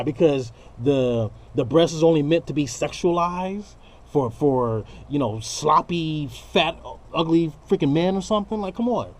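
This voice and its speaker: A man's voice: on the high side, animated, normal speed, darkish tone. A man ranting straight to camera in an unscripted vlog, blunt, profane and slangy, preaching about love. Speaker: vlogger.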